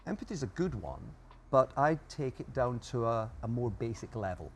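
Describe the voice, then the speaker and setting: A man's voice: medium pitch, big pitch swings, fairly quick, slight background noise. Emphatic male guest explaining ideas. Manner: emphatic, explanatory, lists points. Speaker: guest expert. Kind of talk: interview answers.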